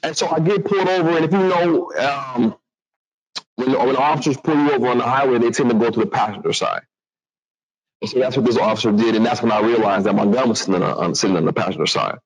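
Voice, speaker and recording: A man telling a personal story to an audience in a lively, animated way. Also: mid-range voice, fast, low-quality recording. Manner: animated, acts out other voices, restarts a lot.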